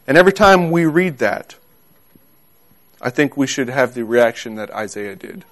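A man preaching a sermon in an earnest, emphatic way, repeating key words and reading scripture slowly. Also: mid-range voice, lively intonation, fairly bright tone. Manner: reads scripture aloud slowly.

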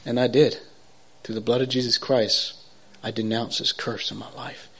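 A man giving an earnest personal faith testimony, rambling with restarts and asides to listeners, swinging between hushed near-whispers and excited loud bursts. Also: medium pitch, normal speed.

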